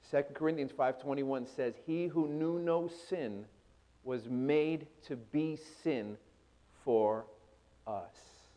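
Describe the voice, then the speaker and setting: A man's voice: medium pitch, slow, dark tone. A man preaching a sermon with dramatic delivery, acting out scripture in rising and falling intensity.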